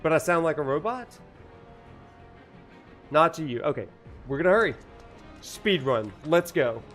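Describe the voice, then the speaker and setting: A man's voice: on the high side, very animated, measured pace, fairly bright tone, faint music behind. A man, a university professor, lecturing casually while playing a video game, rambling with many fillers and joking about technical trouble. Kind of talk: casual lecture over gameplay.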